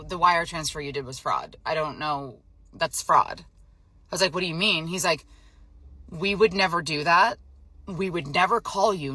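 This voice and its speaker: A woman's voice: on the low side, pushed and bright, no room sound. A young adult woman, emotionally drained, telling to camera how she was scammed, in a frazzled, upset way. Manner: frazzled, emotional, retelling a phone scam with quoted dialogue. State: emotionally drained, near tears. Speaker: vlogger. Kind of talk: casual storytelling to camera.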